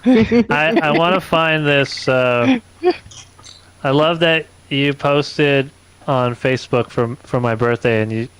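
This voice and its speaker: A man's voice: fairly high pitch, takes it slowly, a bit bright, clear, resonant tone, poor audio. A man in his forties co-hosting a casual comedy chat, laid-back and chuckling. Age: 40s. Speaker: co-host.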